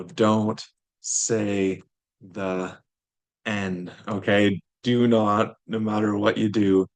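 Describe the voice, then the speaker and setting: A man giving a language pronunciation lesson, patiently modeling sounds and repeating them for learners to copy. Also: lowish voice. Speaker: language teacher.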